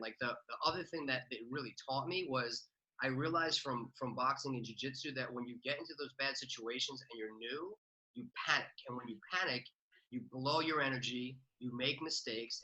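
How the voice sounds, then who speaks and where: Heard through a muffled recording, this podcast guest, a real estate investor, talks casually and quickly in an interview, peppering his speech with "like" and other fillers. His voice sits in the mid range and sounds pushed and bright.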